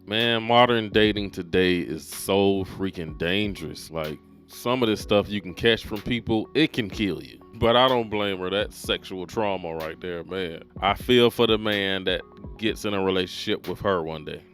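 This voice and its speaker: A man gives blunt, opinionated reaction commentary in a fairly low voice. Faint music plays beneath him. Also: moderate pace, a bit bright. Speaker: commentary host.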